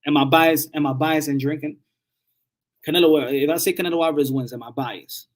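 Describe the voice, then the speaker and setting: A man hosting a boxing channel, giving casual live-stream commentary, animated, often repeating words and swearing freely. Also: on the high side, a little fast.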